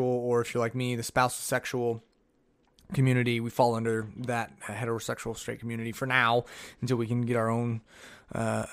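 A man hosting a solo podcast, chatting casually and rambling through old notes with jokey asides. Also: mid-range voice. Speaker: podcast host.

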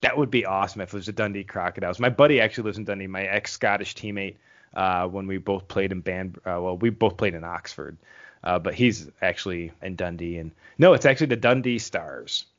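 A male podcast co-host in a casual sports chat explains teams in an easygoing way, using many fillers. His voice sits low, brisk, and a bit bright, heard through dull, lo-fi podcast audio.

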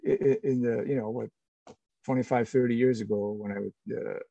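Gravelly, husky middle-aged man. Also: mid-range voice, fairly even intonation, dark tone, no echo, lo-fi sound. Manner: halting, many restarts and fillers. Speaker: actor guest. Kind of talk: casual interview chat.

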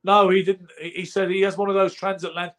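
A man's voice: sits high, level tone, a little fast, fairly bright tone. A British man co-hosting a podcast, arguing his point in a casual, emphatic debate. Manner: argumentative, emphatic. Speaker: podcast co-host.

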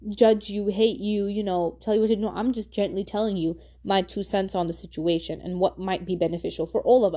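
A woman's voice: mid-range voice, mellow. A young woman hosting a podcast, giving casual advice in a slangy, emphatic way and repeating points for stress. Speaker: podcast host.

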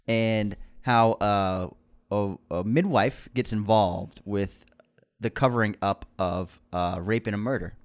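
A man co-hosting a podcast, chatting casually about movies with enthusiasm and frequent restarts. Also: lowish voice. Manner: enthusiastic, repeats words when starting sentences. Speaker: podcast co-host.

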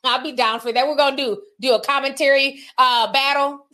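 This livestream host reads her viewers' super chats with a high, bright, forceful voice, speaking fairly quickly with fairly even intonation. She keeps things casual and candid, laughing often and adding slangy asides.

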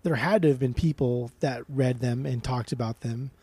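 A man co-hosting a podcast, talking in an animated, mocking casual way and swearing often. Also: mid-range voice, moderate pace, slightly rough. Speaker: podcast co-host. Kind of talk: casual chat.

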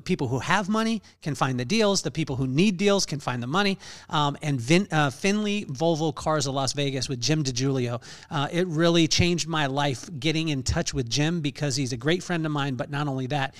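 A man in his forties hosting a podcast, talking in an energetic, casual way with many fillers and restarts. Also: a little high. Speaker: podcast host. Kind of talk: casual conversational interview.

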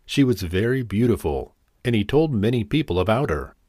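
A man narrating a fairy tale in an expressive, animated reading. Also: lowish voice, moderate pace, no echo, clean studio sound. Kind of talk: storybook narration.

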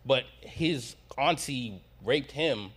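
A man's voice: mid-range voice, animated, slow pace, husky. A man co-hosting a casual comedy chat, talking in slang and rambling with lots of fillers. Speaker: co-host.

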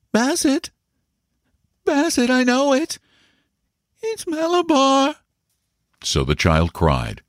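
A man narrating a story in a measured, dramatic way, slowing down for suspense. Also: sits low, no echo, studio quality.

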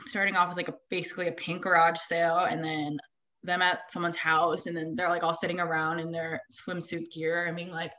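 A woman's voice: on the low side, a little fast, muffled recording. A woman guest on a podcast, chatting animatedly from home and acting out what people said. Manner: animated, quotes people in lively bursts. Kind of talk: casual pop culture chat. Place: home with dogs nearby.

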